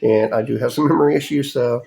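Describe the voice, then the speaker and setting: Gravelly and darkish, a medium-pitched male voice rattles along fast. The podcast host rants angrily, swearing a lot and using mocking voices throughout.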